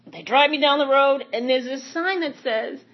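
Husky woman, fairly high voice, frank rambling recovery share, dull lo-fi recording. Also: moderate pace, slight background noise. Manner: frank, rambling, self-correcting. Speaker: speaker sharing at a recovery meeting. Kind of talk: candid personal recovery story.

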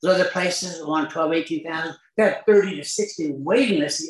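A man's voice: fairly high pitch, fairly quick, roomy sound, rough recording. An older man tells a recovery story to a live audience with wry, self-mocking humor. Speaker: recovery speaker.

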